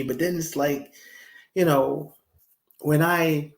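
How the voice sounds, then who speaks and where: A man guest talking reflectively in a conversation, expressive and animated, slipping into emotional stories. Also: fairly high pitch, slow pace, long pauses, echoey room.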